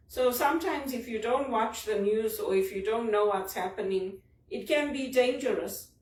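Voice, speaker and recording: A woman from Zimbabwe, talking in an earnest, personal, reflective monologue about a leadership book. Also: medium pitch. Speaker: vlogger discussing a leadership book. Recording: roomy sound from a distant mic.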